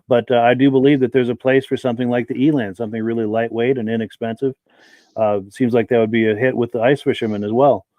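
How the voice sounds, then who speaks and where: A man's voice: mid-range voice, steady tone, quick pace, dark tone, no room sound. A man hosting a live-stream podcast who chats in a friendly way and welcomes viewers by name. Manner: reads viewer names aloud, friendly and welcoming. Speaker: podcast host.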